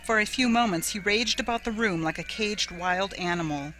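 A woman narrating a ghost story in a dramatic, measured audiobook reading. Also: mid-range voice, fairly bright tone, soft background music, poor audio.

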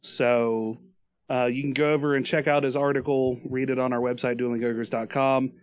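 A man co-hosting a casual podcast, rambling and joking as he goes. His voice is mid-pitched, recorded close on a dry studio mic. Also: flat delivery, moderate pace, no echo. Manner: joking, rambling with restarts and laughs. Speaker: podcast co-host.

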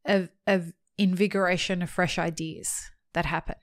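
A woman's voice: lowish voice, fairly even intonation, normal speed, no echo, clean studio sound. A woman hosting a podcast, conversational and a little teasing as she asks questions. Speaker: podcast host. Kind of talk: podcast interview and sponsor reads.

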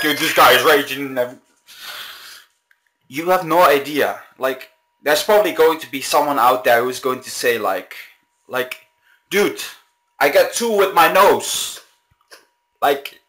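A young man doing game commentary, slow and drawn out, with a bright, forceful, fairly high voice. He rages, yells at the screen and breaks into exasperated laughter. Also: rough recording. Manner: raging, yelling, slow exasperated talk with bursts of laughter. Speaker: gaming channel host. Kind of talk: gaming commentary.

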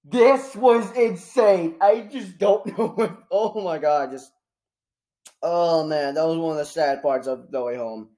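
In a slightly slow delivery, a young woman rambles through a spoiler-filled movie review, excitable and casual, restarting frequently and veering from low mumbling to loud shouts.

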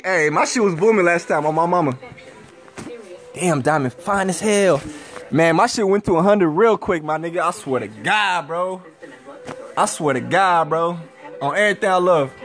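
A man's voice: high-pitched, fairly bright tone. Young man rambling on a livestream. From Minnesota. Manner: slangy, swearing, rambling, repeating himself. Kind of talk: casual livestream chat with viewers. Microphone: phone camera. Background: faint TV audio.

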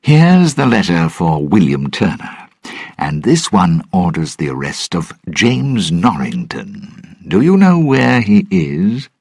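Cold scheming lord, as a deep-voiced man reads him. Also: wildly swooping pitch, slow pace, gravelly, darkish tone, husky, no echo, studio quality, full character voice. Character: cold scheming male lord arresting people.

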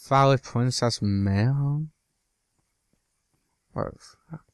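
A man's voice: mid-range voice, vocal fry, no echo. Guy rambling over a block game, middle voice, dead dry mic, silly and swears a bit. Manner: loose and jokey, swears, slips into silly bits. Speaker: gaming channel host. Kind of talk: casual gameplay commentary.

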